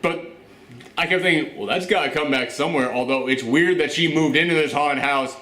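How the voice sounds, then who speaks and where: Male movie-review host: animated, casual, swears often, slips into mocking quotes; slightly high voice, roomy echo. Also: brisk. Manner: animated, swearing, with acted asides. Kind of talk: casual spoiler review chat. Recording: echoey room.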